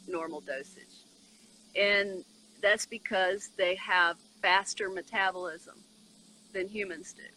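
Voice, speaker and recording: A woman from the horse farm explains in a measured, plain way. Her voice is mid-pitched and bright. A faint hum of outdoor noise sits underneath. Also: poor audio. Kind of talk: casual explanation.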